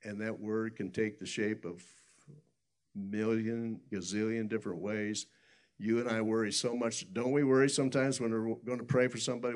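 A man's voice: lowish voice, fairly even intonation, normal speed, darkish tone. A man preaching a sermon, telling stories in an earnest, rambling way with many restarts.

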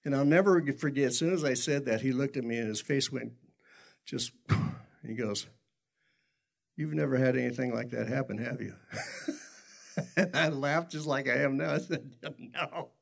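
Middle-aged male pastor, gravelly voice, folksy self-deprecating sermon storyteller, mid pitch. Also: moderate pace, pauses often.

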